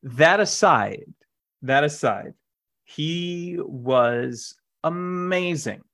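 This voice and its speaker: A man's voice: fairly high pitch, expressive, extremely slow, a bit bright. A man co-hosting a casual podcast, rambling with lots of fillers and restarts. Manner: acted on stage. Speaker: podcast co-host. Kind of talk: casual chat.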